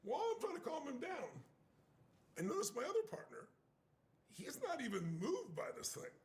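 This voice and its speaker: An older man telling a story in an emphatic, animated way. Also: extremely high pitch, normal speed. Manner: emphatic, acts out quoted voices.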